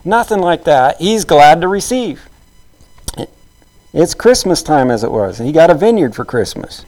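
A man's voice: fairly high pitch, big pitch swings, unhurried, a little mellow, rough recording. Man preaching in a storytelling way. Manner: conversational storytelling, acts out quotes. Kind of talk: sermon.

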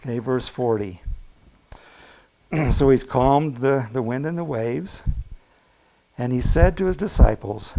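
A man preaching a sermon to his congregation, talking to them directly with asides and quick laughs, and swinging between loud calls and near-hushed moments. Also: mid-range voice, creaky. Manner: animated preaching with big swings in loudness, dropping to a hush. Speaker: pastor.

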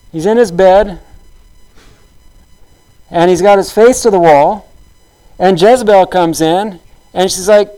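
A man's voice: high-pitched, warm tone, rough recording. A man preaching a sermon in a conversational, storytelling way, acting out the quotes of the people in the story.

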